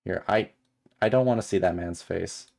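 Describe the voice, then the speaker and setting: A man streaming a visual novel, reading its narration aloud between animated, exasperated asides. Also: low-pitched, normal speed, gravelly.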